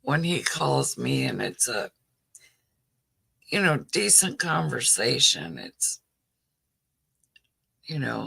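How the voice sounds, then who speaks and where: Slow, gravelly middle-aged woman chatting. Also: extremely low pitch, big pitch swings, fairly bright tone. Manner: rambling, heavy use of "you know", answers viewer comments. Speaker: livestream host. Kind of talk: casual livestream chat.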